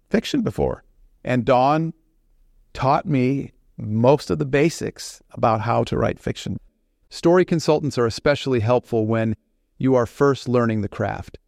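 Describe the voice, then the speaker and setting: A man who writes fiction, giving an informal talk on the writing craft in an unhurried, conversational way. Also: medium pitch, vocal fry, a little mellow, dry recording, studio quality. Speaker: fiction author.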